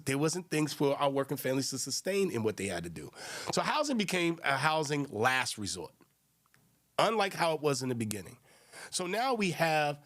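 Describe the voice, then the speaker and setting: New man, podcast host, lively pitch, emphatic conversational delivery, leans on rhetorical questions. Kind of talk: solo podcast commentary.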